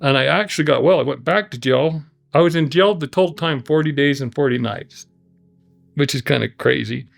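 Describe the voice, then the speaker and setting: A man telling his personal testimony in an earnest, halting way, often restarting his sentences. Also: a little high, vocal fry, faint music behind. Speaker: guest telling his story.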